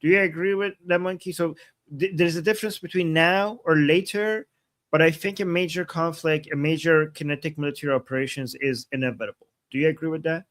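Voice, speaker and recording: Brief: male livestream host, a bit high-pitched, musing and hesitant, reads super chats. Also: fairly even intonation, a little fast, a bit bright. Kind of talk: live-stream political talk.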